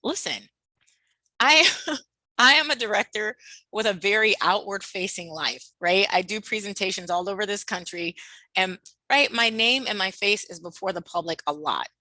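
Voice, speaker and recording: A woman presenting a workshop over a video call, with a bright, clear voice in a dry, close sound. She talks expressively, acts out what people said, and laughs often. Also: medium pitch, normal speed, no room sound, poor audio. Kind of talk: animated webinar talk.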